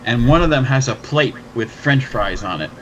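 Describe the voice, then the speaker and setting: A man spins a bar story in loose, profane chat, getting more animated as he goes. His recording sounds a little muffled, with a faint hiss of noise behind him. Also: medium pitch, moderate pace. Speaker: podcast host. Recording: slightly dull, faint background noise.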